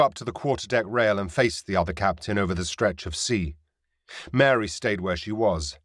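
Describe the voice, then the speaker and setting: Male audiobook narrator, measured, close mic, dry studio sound. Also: on the low side, a bit bright, no room sound. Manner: measured, descriptive reading.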